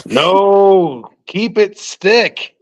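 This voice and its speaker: A man's voice: high-pitched, animated, extremely slow. A man hosting a casual livestream, swearing and quizzing his guest about car parts. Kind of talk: casual chat.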